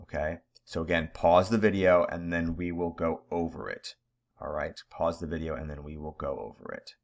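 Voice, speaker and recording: A man's voice: very deep voice, normal speed, gravelly. A man teaching a recorded grammar lesson over slides, talking straight to his students in a casual way and joking about his own typos.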